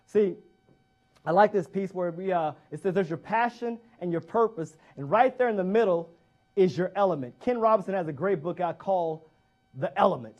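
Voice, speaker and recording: A man's voice: sits high, animated, normal speed, darkish tone, highs cut off. A man giving a motivational speech, who drives points home by repeating key phrases and asking the audience direct questions. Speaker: motivational speaker.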